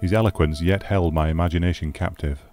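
Brief: male audiobook narrator, low dark tone, dry close sound, faint music under. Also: brisk. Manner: steady, grave storytelling. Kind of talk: scripted narration.

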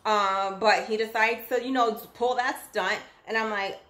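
A woman working as a nanny, telling her own story in a chatty, animated vlog style. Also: on the high side, measured pace. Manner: chatty and animated, acts out quotes. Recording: roomy echoey room.

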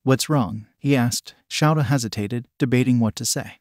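A man reads a story aloud in an even, measured way at a middle pitch. His voice is close and dry, with no room sound around it. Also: no room sound. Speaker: narrator. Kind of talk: scripted story narration.

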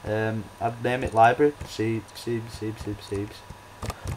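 A man's voice: lowish voice, level tone, slow pace, a little hiss or hum, low-quality recording. A young man gives casual, rambling gameplay commentary as a let's play host. He talks full of ums and false starts. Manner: rambling, hesitant, many ums and restarts.

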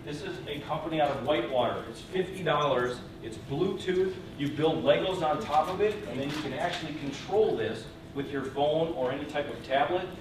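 A man giving an enthusiastic, fast-paced demo of classroom gadgets at a public event. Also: fairly high pitch. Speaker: presenter. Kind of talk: quick demo talk. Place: museum event room. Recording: echoey room from far off, noisy.

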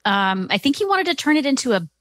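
A woman's voice: high-pitched, very animated, fast, a bit bright, no echo, clean studio sound. A woman in her forties co-hosting a podcast, chatty in casual conversation, chiming in often. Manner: chatty, supportive interjections. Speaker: podcast co-host. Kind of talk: casual chat.

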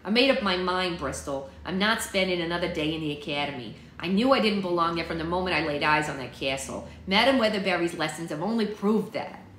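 A woman's voice: fairly low pitch, a little fast, fairly bright tone, slight background noise, close to an everyday voice. A woman voicing a stubborn, rebellious young witch girl who talks bluntly and sulkily, read aloud in an echoey room. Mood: sulky. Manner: blunt, sulky, defiant.

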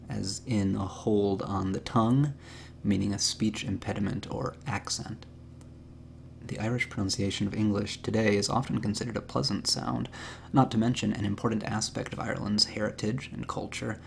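Guy narrating a word lesson, super gravelly voice, kinda dry humor, little bit of background hiss. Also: lowish voice, fairly even intonation, normal speed. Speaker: host. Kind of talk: scripted word-of-the-day narration.

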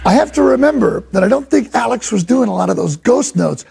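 A man talks through a drum lesson in a loose, rambling way, full of enthusiasm. His fairly high voice is heavily gravelly and deeply husky, as if worn rough. He sometimes sounds out drum patterns with his mouth. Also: expressive, a little fast, darkish tone, soft background music. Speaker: drum instructor. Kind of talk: casual spoken drum lesson.

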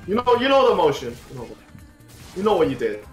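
A man's voice: sits high, sing-song, a little fast, faint music behind. Teasing man in an echoey room. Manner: teasing, playful. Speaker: streamer. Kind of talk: casual chat while gaming. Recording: roomy echo.

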